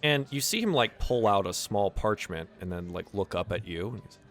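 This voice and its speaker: A man's voice: fairly low pitch, animated, normal speed, a bit bright, faint music behind. A man narrating a tabletop game as game master, casual and loose with many filler words.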